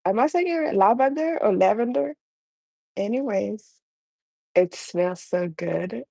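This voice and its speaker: A woman's voice: lowish voice, creaky, warm tone, no room sound. A young adult woman with a non-native accent chatting casually and rambling on a live stream from her home kitchen. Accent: non-native English. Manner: chatty, rambling, frequent restarts. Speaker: caregiver mom vlogger.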